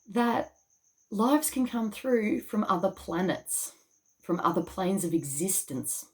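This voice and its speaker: Aussie woman yakking away to camera, bit low-pitched, swears a lot, keeps saying okay. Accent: Australian. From Australia. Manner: chatty, swears, says okay often. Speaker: spiritual channel and YouTuber. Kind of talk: casual talk to camera.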